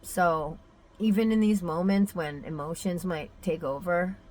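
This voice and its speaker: A woman's voice: fairly low pitch, fairly even intonation, unhurried, darkish tone. A young adult woman telling a personal story in a candid, emotional vlog, full of fillers and restarts. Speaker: mother sharing a personal story.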